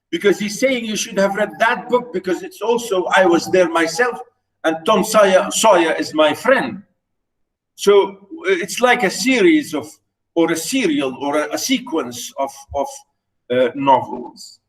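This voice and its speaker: A man whose first language is Arabic lecturing on literature, explaining slowly with repeated words and many fillers. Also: high-pitched, lively intonation, distant mic, rough recording. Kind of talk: recorded lecture.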